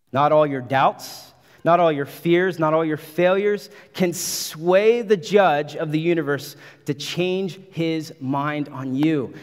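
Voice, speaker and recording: A man's voice: a little high, in a large hall. A man preaching a sermon as pastor, emphatic, repeating phrases and building intensity.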